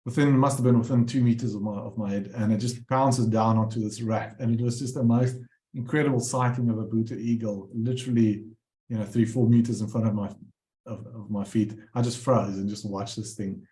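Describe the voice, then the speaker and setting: A man's voice: on the low side, fairly even intonation, a little fast, mellow, echoey room. A man presenting his bird paintings, telling rambling anecdotes with many fillers and restarts. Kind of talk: casual storytelling talk.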